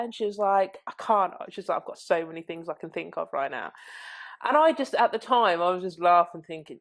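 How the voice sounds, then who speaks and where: Frank, low-voiced woman. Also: fairly quick. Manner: candid, blunt, swears freely. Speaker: podcast guest. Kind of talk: frank personal storytelling.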